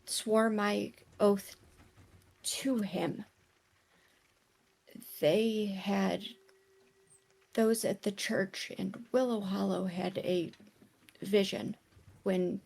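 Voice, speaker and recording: A woman playing a tabletop game, speaking in character in a hesitant, halting way with many restarts. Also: mid-range voice, vocal fry, a little mellow. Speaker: player. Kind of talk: in-character tabletop role-play.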